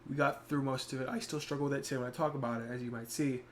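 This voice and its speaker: A young man talks on his stream in a casual, reflective way. His voice turns soft and quiet when the talk gets emotional. Faint noise sits underneath, with a mid-pitched tone. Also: steady tone, racing. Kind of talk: casual chat.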